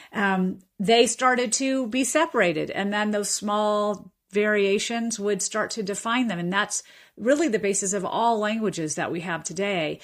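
A woman professor of linguistics explaining speech differences in a radio interview, measured and thoughtful with frequent fillers and restarts. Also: mid-range voice.

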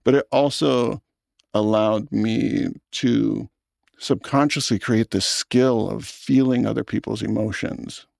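A man, a film director, talking in an interview in a thoughtful, earnest way with halting restarts. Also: fairly low pitch, steady tone, vocal fry, darkish tone, no room sound, clean studio sound. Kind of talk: reflective interview talk.

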